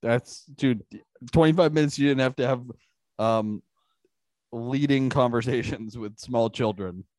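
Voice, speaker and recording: A man's voice: medium pitch, unhurried, a little mellow, dry recording. A man in casual chat, chiming in with short dry quips.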